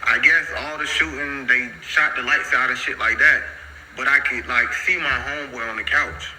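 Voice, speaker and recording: A man's voice: steady tone, normal speed, pushed and bright, slight background noise, rough recording. A man telling a long personal story in a casual, slangy, rambling way. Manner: slangy, rambling, repeats "so boom".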